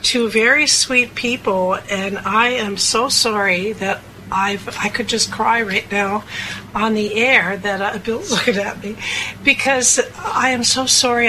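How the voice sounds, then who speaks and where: A woman co-hosting a talk radio show, speaking in an emotional, rambling, confessional way. Her voice is bright and forward at an ordinary pitch. A faint hiss of noise sits beneath it. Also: steady tone, a little slow, rough recording. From Cape Breton, Nova Scotia, Canada. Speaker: co-host.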